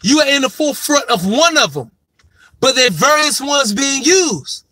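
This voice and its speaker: With a very high, animated voice, this male sports commentator delivers a profane opinion monologue, lecturing his subject and stressing his main point again and again. His tone is bright and forceful at a normal pace, recorded dry.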